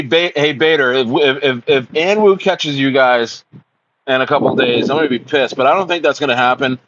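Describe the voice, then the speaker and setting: A young man chatting casually on a livestream, excitable and rambling, calling his viewers bro and dude. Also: medium pitch, muffled recording. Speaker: crypto livestreamer.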